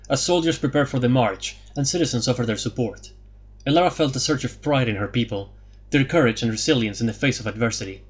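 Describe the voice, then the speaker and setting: A man narrating a fantasy audiobook in a steady, even reading. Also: mid-range voice, slightly rough.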